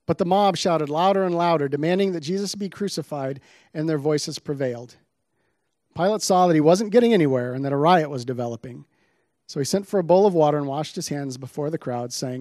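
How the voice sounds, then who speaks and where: A man's voice: fairly high pitch, fairly quick, a little mellow, no room sound, clean studio sound. A man giving a sermon, reading scripture aloud with dramatic emphasis on the quoted lines before explaining the passage. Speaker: preacher.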